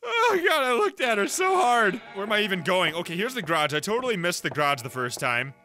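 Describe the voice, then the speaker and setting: A man's voice: sits high, sing-song, quick pace, sharp tone, soft background music. A man doing horror game commentary, jumpy, screaming and laughing nervously. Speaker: gameplay video host.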